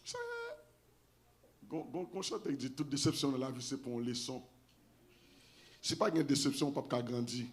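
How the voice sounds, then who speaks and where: A middle-aged man with a Haitian accent preaching a storytelling sermon. He switches between languages and raises his voice to shout for emphasis. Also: medium pitch, moderate pace, pauses often. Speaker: pastor.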